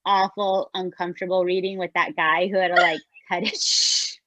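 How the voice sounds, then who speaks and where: A woman co-hosting a podcast, chatting in an expressive way and often asking "right?". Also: lowish voice, normal speed, dry recording, rough recording. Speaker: podcast co-host. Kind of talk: casual chat recapping a show.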